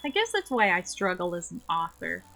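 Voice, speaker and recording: A woman's voice: fairly low pitch, sing-song, fairly quick, creaky, fairly bright tone, faint music behind. A woman streaming a game, chatting casually in a playful, rambling way. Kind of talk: casual gameplay chat.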